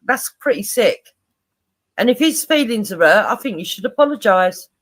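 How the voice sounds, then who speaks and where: A man's voice: high voice, animated, moderate pace, fairly bright tone, no echo. A man in casual chat, speaking bluntly and scolding.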